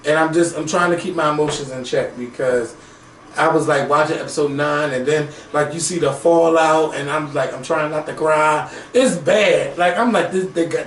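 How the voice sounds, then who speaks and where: Brief: male co-host, animated and profane, mic at a distance, faint background noise. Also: fairly high pitch, echoey room. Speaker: podcast co-host. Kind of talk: casual chat.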